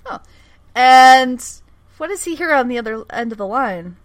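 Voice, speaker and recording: A woman's voice: high-pitched, moderate pace. A woman co-hosting a casual podcast, retelling a TV episode with giggles, swearing and acted-out lines. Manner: giggly, animated, acts out characters' lines, swears freely. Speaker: podcast co-host. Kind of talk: casual chat recapping a TV episode.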